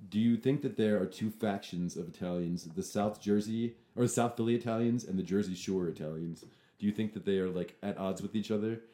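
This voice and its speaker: A man's voice: fairly low pitch, fairly quick, dark tone, roomy sound. A man chatting casually, laughing along and asking questions. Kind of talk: casual chat.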